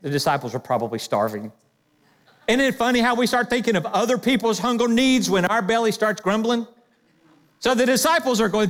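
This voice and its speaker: A man with a high voice preaches to his congregation. His talk is lively and full of quoted asides. His voice rings with a long reverb in a church sanctuary. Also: fairly quick. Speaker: pastor. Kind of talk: sermon.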